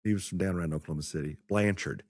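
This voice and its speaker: Low husky man in his sixties. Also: rapid-fire, no room sound, studio quality. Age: 60s. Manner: chatty storyteller who laughs often. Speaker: guest, music teacher and former attorney. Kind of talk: casual podcast conversation.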